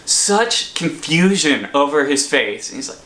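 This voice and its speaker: A man's voice: fairly high pitch, very animated, a little slow, bright, forceful tone, echoey room, a little hiss or hum. A young man vlogging a dramatic, laughing storytime from his apartment. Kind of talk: storytime vlog.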